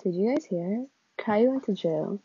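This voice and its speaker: A woman's voice: mid-range voice, lively intonation, moderate pace, dark tone, husky, no echo, dull audio. A woman chatting casually with friends in an offhand, joking way. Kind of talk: casual group chat.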